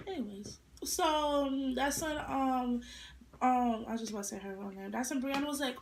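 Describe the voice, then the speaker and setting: A young woman vlogger telling a casual storytime, animated and full of attitude as she acts out quotes. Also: sits high, normal speed, creaky, background noise. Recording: echoey room.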